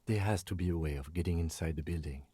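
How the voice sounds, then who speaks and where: A man voicing a calm, methodical male police detective in a game, speaking in a level, matter-of-fact way. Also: deep voice, quick pace, slightly rough, no room sound. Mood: composed.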